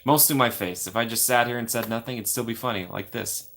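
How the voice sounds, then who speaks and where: A man's voice: mid-range voice, quick pace, bright, forceful tone, slight background noise. A young man hosting a casual live stream from home, reading chat aloud and joking at his own expense. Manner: playful, self-mocking, reads chat aloud.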